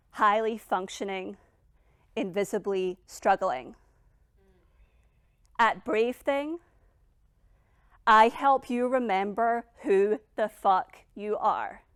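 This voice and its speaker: Woman, motivational keynote speaker, middle-aged, emphatic, blunt, dramatic pauses, smooth clear tone. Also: medium pitch, dry recording, studio quality.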